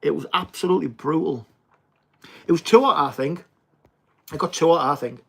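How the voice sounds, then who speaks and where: A man's voice: on the high side, moderate pace, creaky, fairly bright tone. A young man with a Teesside accent chatting casually on a livestream, answering viewer comments in a blokey, swearing manner. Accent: Teesside English. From England. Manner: chatty, blokey, swears and says mate often. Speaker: livestream host.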